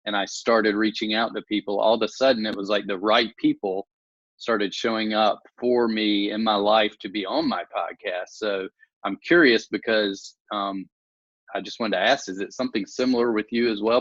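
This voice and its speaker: A man with a lowish, slightly bright voice hosts a casual interview, speaking at normal speed with fairly even intonation. He sounds reflective and encouraging, musing in long sentences, and the recording is dry, dull, and lo-fi.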